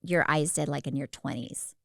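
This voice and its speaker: A woman's voice: deep voice, moderate pace, creaky, dry recording, clean studio sound. A woman co-hosting a podcast, chatting casually, rambling through asides and laughing often. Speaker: podcast co-host. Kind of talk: casual chat.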